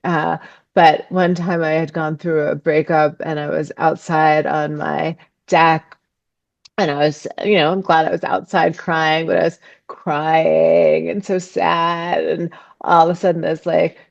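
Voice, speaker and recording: A woman with a low voice talks slowly as a podcast guest, pausing often with ums as she thinks things through. The sound is dull and lo-fi, with a very dry room. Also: flat delivery, vocal fry, no room sound. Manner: thoughtful, halting, many ums. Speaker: podcast guest, ecopsychology author. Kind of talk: reflective interview conversation.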